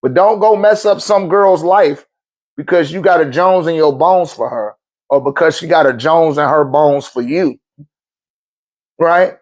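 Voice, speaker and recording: A man's voice: fairly high pitch, measured pace. Blunt preachy middle-aged man. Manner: blunt, profane, preachy, laughs often. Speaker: spiritual speaker giving life advice. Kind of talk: casual monologue to camera.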